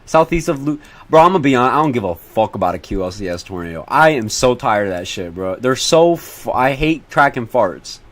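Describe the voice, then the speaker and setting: A teenage boy hosting a casual livestream to his chat as he tracks storms. He swears, pleads and repeats himself over and over, breaking into excitable bursts when he spots something. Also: medium pitch, brisk, few pauses. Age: teens.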